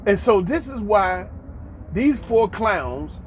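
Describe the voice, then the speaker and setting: A man's voice: sits high, lively intonation, slow pace, slight background noise. An American man hosting a monologue commentary, emphatic and preachy, repeating lines for effect with mocking asides. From United States. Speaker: commentary host.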